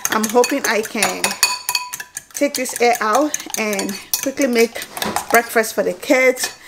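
A woman in her thirties chatting excitedly to her phone camera at home in a casual vlog, stopping and restarting her sentences. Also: medium pitch, a little hiss or hum. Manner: chatty, excitable, self-interrupting. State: out of breath. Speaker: vlogger.

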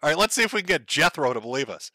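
A man's voice: a little high, big pitch swings, racing, bright, forceful tone, no echo. A man hosting a casual livestream, reading chat aloud and joking crudely, often breaking into laughter.

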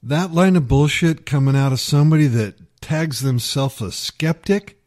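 A man's voice: fairly high pitch, moderate pace, a little mellow. A man delivering an angry, profane rant as a YouTube commentator, heated and mocking.

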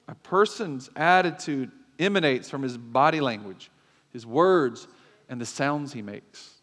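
A man's voice: mid-range voice, animated, measured pace, fairly bright tone. A male pastor preaching a sermon with emphatic asides and call-and-response to the congregation. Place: church sanctuary. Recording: long hall reverb.

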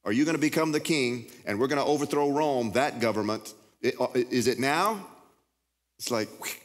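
A man with a Texan accent preaching a sermon as pastor, with emphatic, impassioned delivery that jumps up in pitch when he gets revved up. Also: normal speed. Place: large church hall. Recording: reverberant church hall.

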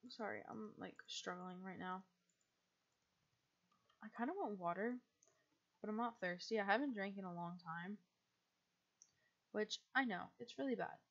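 A woman's voice: mid-range voice, measured pace, long pauses, a bit bright. A teenage girl streaming a game late at night, chatting casually in a tired, rambling, self-deprecating way. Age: teens. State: sleepy, yawning. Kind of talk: casual gaming stream chat. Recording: slightly muffled stream mic.

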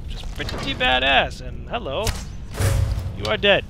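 A young man rambling through casual gameplay commentary, excitable and profane. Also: high voice, moderate pace, vocal fry, noisy background. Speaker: let's play gamer.

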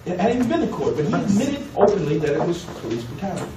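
A male student answers in class, halting and restarting as he talks. He speaks quickly with a lively pitch, and he sounds distant in an echoey, noisy room. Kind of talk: classroom discussion.

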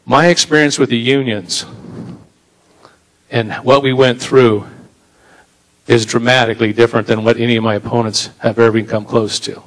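A man's voice: mid-range voice, steady tone, moderate pace, long pauses, low-quality recording. Male candidate, assertive closing statement, mid-range voice. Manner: firm and assertive. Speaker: political candidate.

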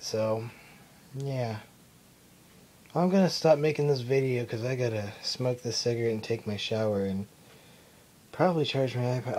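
A man's voice: medium pitch, warm tone. A young man rambling and swearing in a casual, self-mocking way while he records himself at home. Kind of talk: casual vlog. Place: indoors at his mom's house. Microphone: self-recorded camera mic.

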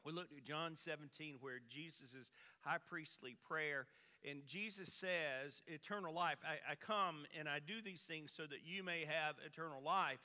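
A man's voice: moderate pace, big-room sound. A man preaching a sermon, a folksy storyteller who swings his voice up and down for emphasis. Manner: folksy storyteller, animated swings in pitch and volume. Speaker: pastor. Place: church sanctuary.

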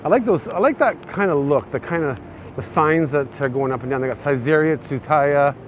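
A man's voice: a little high, fairly quick. Chatty Canadian man on a city walk. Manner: chatty, excitable, frequent "eh". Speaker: vlogger. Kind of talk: casual walking tour narration. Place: city streets outdoors. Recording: faint outdoor street noise. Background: faint traffic and street noise.

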